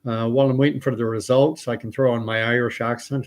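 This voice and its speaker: A man's voice: medium pitch, level tone, fast talker. Chatty man hosting a live stream. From Canada. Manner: chatty, reads viewer comments aloud, thinks out loud. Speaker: livestream host. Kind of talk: casual live-stream commentary.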